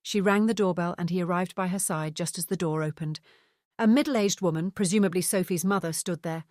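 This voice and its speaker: Woman audiobook narrator, scripted narration, steady, low pitch, dry. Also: a little fast, dry recording.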